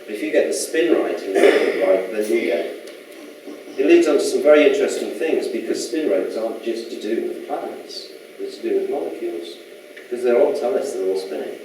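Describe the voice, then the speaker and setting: A man speaks in a dark, mellow voice. He gives a loose, chatty lecture and keeps asking his listeners questions. The sound comes from far off in a very echoey hall with faint noise. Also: mid-range voice, animated, brisk. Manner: rambling, chatty, asks the audience questions. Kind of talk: casual public talk. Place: lecture room.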